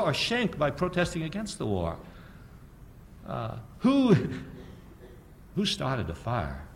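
Guy lecturing on history, sardonic, keeps asking "right?", voice swings up and down a lot, faint hiss behind. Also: high voice. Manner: sardonic, rhetorical questions, frequent "right?"; animated, chuckles at own points.

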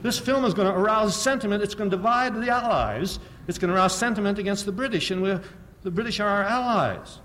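A man giving a public history lecture, sardonic and animated, firing off rhetorical questions and often chuckling at his own points. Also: high-pitched, quick pace, few pauses, slight background noise.

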